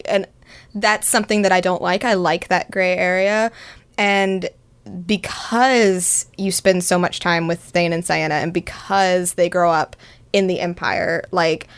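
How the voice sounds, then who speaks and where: Woman, podcast host, casual book chat, quick and animated, filler-heavy. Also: on the low side, clear, resonant tone. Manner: fast, animated, lots of fillers.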